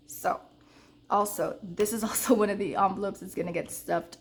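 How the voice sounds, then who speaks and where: A young woman vlogging about budgeting, telling a story to her viewers in an animated, casual way. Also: moderate pace, slight background noise. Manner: counts cash in a low murmur.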